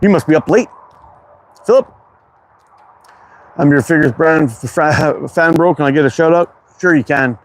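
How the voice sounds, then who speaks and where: With a fairly high pitch, a normal speed, and frequent pauses, this Quebec-accented Canadian hosts a slingshot livestream outside. Laid-back and friendly, he reads chat names aloud, greets viewers, and swears casually. The cold wind and outdoor ambience are clearly heard.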